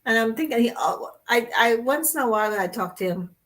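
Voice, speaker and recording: A woman with a Trinidadian accent hosting a casual chat, animated and talkative, laughing often as she tells stories. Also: fairly high pitch, brisk. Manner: animated, chatty storyteller who laughs often. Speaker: host.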